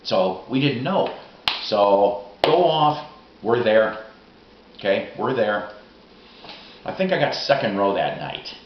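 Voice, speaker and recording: Low-voiced man rambling through old stories. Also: slow, long pauses, background noise. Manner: rambling, profane, excitable storytelling. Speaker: vlogger. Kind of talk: casual storytelling monologue. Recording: roomy, dull lo-fi recording.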